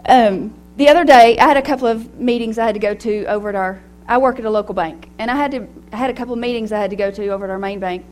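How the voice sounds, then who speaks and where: High-voiced woman giving a lively devotional talk. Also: fast, hardly any pauses, faint music behind. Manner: animated and personal, laughing often. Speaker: women's ministry speaker.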